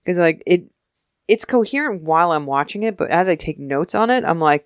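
A young woman co-hosting a podcast, chatting casually about a TV episode and acting out the characters in quick voices, laughing often. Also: fairly low pitch, animated, clear, resonant tone, no room sound, clean studio sound. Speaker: podcast co-host recapping a TV episode. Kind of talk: casual chat.

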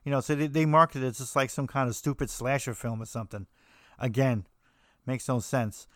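An American podcast host muses casually about horror films in a medium-pitched, slightly bright voice, speaking a little fast with fairly even intonation. His monologue rambles, full of restarts and fillers, and the recording is dry with clean studio sound.

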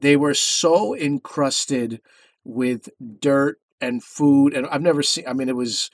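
A man's voice: mid-range voice, slow, no room sound. Man rambling through a story, dry mic. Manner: rambling storyteller, self-correcting. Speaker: podcast co-host. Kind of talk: casual chat.

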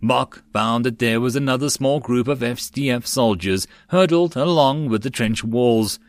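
A man reading a web novel aloud as an audiobook narrator in a steady way. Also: mid-range voice, normal speed, no echo.

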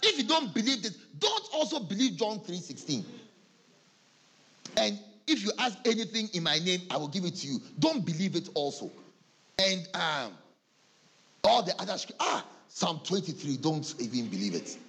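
A Ghanaian pastor preaches with a husky, fairly high voice that leaps all over the place. He acts out his congregation's excuses in different voices and laughs along with them. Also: normal speed. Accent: Ghanaian English. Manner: animated preaching, acts out church members' excuses, laughs often. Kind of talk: sermon.

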